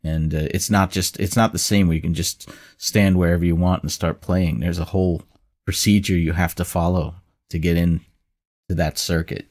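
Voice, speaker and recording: A man with a low voice hosts a casual interview. He talks in a relaxed, thoughtful way and asks open questions. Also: normal speed. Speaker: interviewer, host.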